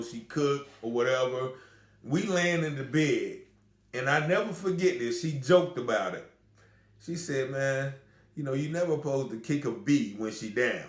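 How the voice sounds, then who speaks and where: A middle-aged man candidly telling a personal story, emphatic and full of asides to the listener. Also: medium pitch. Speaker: storyteller recounting a personal experience. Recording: echoey room.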